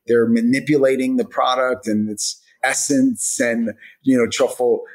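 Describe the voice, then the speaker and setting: A man's voice: mid-range voice, level tone, measured pace, rough recording. A man chatting as a podcast guest about the product he makes, rambling with many fillers. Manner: rambling, lots of "like" and "you know" fillers. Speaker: hot sauce brand founder, guest. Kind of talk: casual podcast interview.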